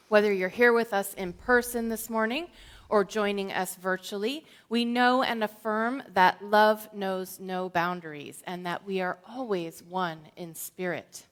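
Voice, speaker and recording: A woman minister opening a church service with affirmations and prayer in a measured, liturgical delivery. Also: mid-range voice, fairly bright tone.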